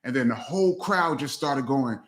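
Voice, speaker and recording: A man's voice: expressive, normal speed. A man hosting a live Q&A chat as a DJ, telling stories casually and acting out other people's lines. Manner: loose storyteller, acts out friends' lines with big pitch jumps. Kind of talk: casual storytelling livestream. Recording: roomy echo.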